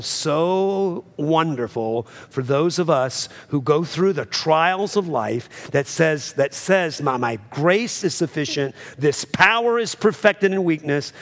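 A man preaching a sermon, swinging between loud, high climaxes and low, quiet drops, repeating phrases for emphasis. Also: gravelly. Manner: preaching with sudden rises and drops in pitch and loudness, repeating phrases. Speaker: pastor.

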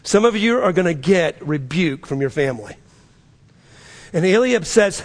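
A man's voice: high voice, lively intonation, brisk. A man pastor preaching a sermon to his church, with dramatic swings and voices for the people he quotes.

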